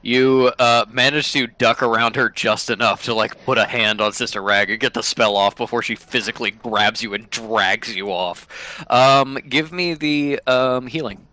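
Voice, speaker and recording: Bright-voiced man running a tabletop game. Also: mid-range voice, fairly even intonation, moderate pace. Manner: hesitant, full of ums, laughs at his own jokes. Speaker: game master.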